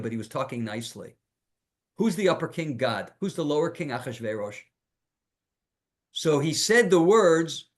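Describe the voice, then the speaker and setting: A man with a somewhat higher voice delivers a Torah lecture as a rabbi. He teaches in an animated, emphatic way, posing rhetorical questions and weaving in Hebrew terms.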